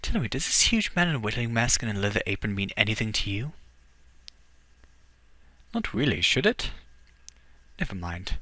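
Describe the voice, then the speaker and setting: A man voicing a smooth, composed young male cat burglar in a game reading, close to his own voice. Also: lowish voice, sing-song, normal speed, long pauses, bright, forceful tone, dry recording.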